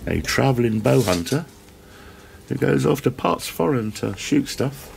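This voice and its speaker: Gravelly-voiced enthusiastic man. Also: medium pitch, lively intonation, unhurried, a little mellow, slight background noise. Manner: enthusiastic, rambling, self-deprecating. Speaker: presenter. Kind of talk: walk-around shop tour vlog. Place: indoor shop.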